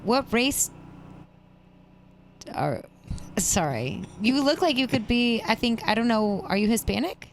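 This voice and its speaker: A woman's voice: a little high, animated, a little slow, pauses often, slight background noise. A woman hosting a casual podcast interview, chatty and enthusiastic, exclaiming often. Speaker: podcast host.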